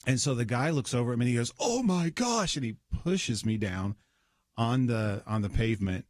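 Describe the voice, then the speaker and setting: A man's voice: mid-range voice, brisk, a little mellow, no echo. A man, a guest in a radio studio, telling a personal story in casual conversation, with many restarts. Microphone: studio microphone.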